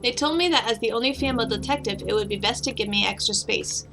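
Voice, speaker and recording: A woman's voice: on the high side, quick pace, gravelly, low-quality recording. A woman reading the lines of a weary, bitter woman detective in a game, in a sardonic tone over background music.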